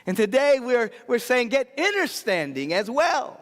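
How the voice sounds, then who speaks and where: A man delivering an impassioned sermon in a rhythmic, repetitive cadence, swinging between shouts and hushed murmurs. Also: extremely high pitch, very animated, measured pace, few pauses. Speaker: spiritual leader. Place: large spiritual center sanctuary. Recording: long hall reverb.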